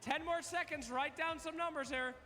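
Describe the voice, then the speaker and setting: A man's voice: extremely high pitch, fairly even intonation, moderate pace, bright, forceful tone, soft background music. A man hosting a live trivia contest on stage, playful and teasing as he counts down answers. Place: large event hall. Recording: long arena reverb.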